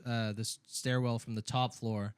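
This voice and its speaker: A man's voice: medium pitch, little pitch movement, normal speed, smooth, dry recording. A young man co-hosting a podcast, telling a long story in casual chat, swearing freely and filling his talk with "like". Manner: rambling storyteller, swears freely, many "like" fillers. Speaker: podcast co-host.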